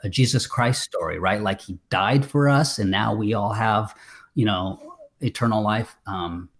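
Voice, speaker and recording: Man, low register, loose rambling talk over a video call, lots of ums. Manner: rambling, many fillers and restarts. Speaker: filmmaker guest. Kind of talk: casual interview chat.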